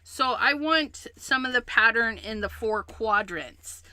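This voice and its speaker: Slow, bright-voiced woman crafting host. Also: on the high side, dry recording. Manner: chatty, narrates each step as she works. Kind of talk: casual crafting demonstration.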